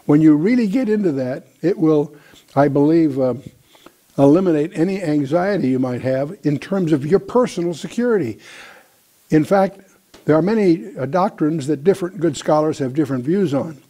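Bible teacher, male, mellow and slightly high voice, deliberate lecture pace with pauses.

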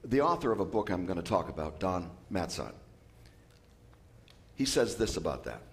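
A man preaching a sermon as pastor, lively and joking with asides. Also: deep voice, moderate pace. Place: church.

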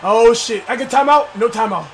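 A young man loudly commentating his own basketball video game, rough and hyped, shouting and trash-talking. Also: extremely high pitch, moderate pace, slight background noise. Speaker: gaming YouTuber. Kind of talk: loud live game commentary.

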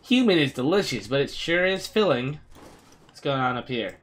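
A man's voice: medium pitch, big pitch swings, moderate pace. A man hosting a casual let's-play, joking and talking to the characters on screen as he plays. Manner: playful, jokey, talks to game characters. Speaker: gaming video host.

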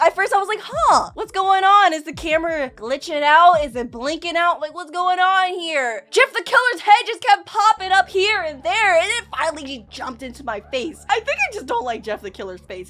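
A young woman hosting a reaction video, reacting excitably to scary clips with shrieks and laughs. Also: extremely high pitch, a little fast, hardly any pauses. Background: music from the clips.

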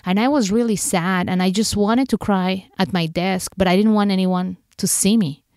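Woman host, candid emotional storyteller, crisp tone, middle pitch. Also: steady tone, moderate pace, darkish tone, no echo, studio quality. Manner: candid, emotional retelling with acted inner quotes. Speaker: podcast host. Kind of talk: personal storytelling.

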